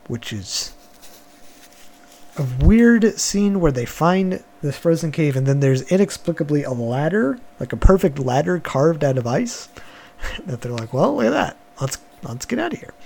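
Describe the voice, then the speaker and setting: A man's voice: fairly high pitch, a little mellow. A man hosting a podcast, casually retelling a cartoon episode in a loose, chuckling, wandering way. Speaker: podcast host.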